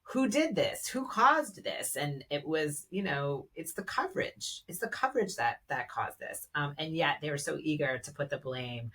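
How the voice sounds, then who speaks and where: A podcast guest speaking in a thoughtful, measured way, with fillers like "um" and "you know". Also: mid-range voice, lively intonation, a bit bright. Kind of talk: casual podcast conversation.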